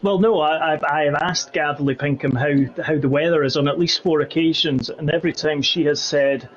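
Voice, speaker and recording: A man's voice: fairly high pitch, fairly even intonation, normal speed, few pauses, muffled recording. A man joining a sim racing broadcast, jokey and rambling, with many hesitations.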